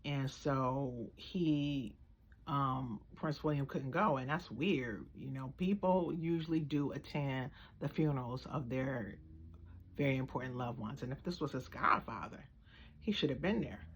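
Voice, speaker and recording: An American woman giving blunt, slangy, animated opinion commentary in a casual vlog. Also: a bass voice, a little slow, lo-fi sound, slight background noise. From United States. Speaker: vlogger.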